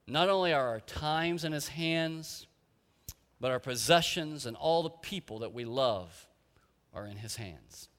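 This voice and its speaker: A man's voice: fairly high pitch, lively intonation, a little slow, a bit bright. A man preaching a sermon as pastor, earnest and emphatic, with rhetorical questions, in a church sanctuary. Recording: echoey hall with long reverb.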